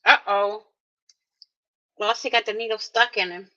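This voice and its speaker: A woman's voice: mid-range voice, a little slow, pushed and bright. A woman narrating a casual crafting tutorial, chatty and talking straight to her viewers with playful little exclamations, in a dull lo-fi recording. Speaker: craft vlogger.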